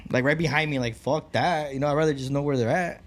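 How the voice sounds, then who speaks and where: A man's voice: a little high, fairly quick. A man co-hosting a podcast, chatting casually and telling a story, peppering it with "like," "bro" and swearing. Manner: swears freely, lots of "like" and "bro". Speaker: podcast co-host.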